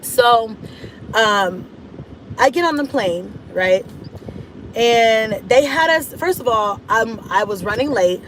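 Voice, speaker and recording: A woman vlogger telling a casual story in an animated, dramatic way, acting out her own thoughts. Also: on the high side, slow pace, a little hiss or hum, low-quality recording. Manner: animated, dramatic retelling with laughs and voiced-out inner thoughts. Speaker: mom vlogger.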